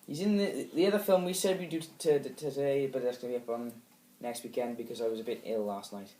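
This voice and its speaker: A man's voice: mid-range voice, steady tone, quick pace, warm tone. A young man with a British accent chatting casually as a film reviewer, earnest and keen to keep the talk on track. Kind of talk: casual chat. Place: indoor room. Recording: echoey room with faint background noise.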